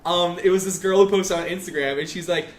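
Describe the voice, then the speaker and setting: A man's voice: high voice, steady tone, a little fast, roomy sound, a little hiss or hum. A young man hosting a casual gaming chat, rambling through stories full of fillers. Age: young adult. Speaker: host.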